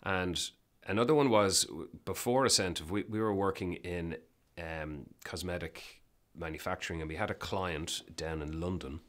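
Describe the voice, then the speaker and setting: Low-voiced guy on a business podcast, animated storyteller, lots of restarts. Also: normal speed, few pauses. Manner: animated, emphatic anecdotes with many restarts. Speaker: business guest. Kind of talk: casual interview storytelling.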